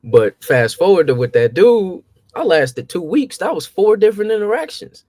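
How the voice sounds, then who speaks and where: A man's voice: normal speed, dry recording. A young man, telling stories in a casual chat and acting out his past exchanges. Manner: animated, acts out his own past exchanges with rising pitch. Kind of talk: casual storytelling.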